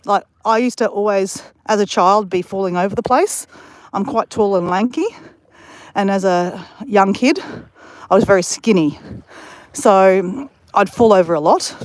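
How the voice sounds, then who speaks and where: Speaking in a mid-range voice with no room sound, this Australian livestream host chats casually from outdoors by a beach. She tells meandering stories and talks straight to the people in her chat.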